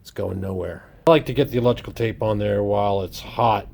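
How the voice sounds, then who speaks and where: A man's voice: lowish voice, a little fast, vocal fry, darkish tone. A man hosting a workshop vlog, joking and exclaiming as he works, slipping into a put-on Irish lilt. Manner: joking, playful, exclaims while working. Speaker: workshop DIY host. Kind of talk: casual workshop vlog commentary. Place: home workshop.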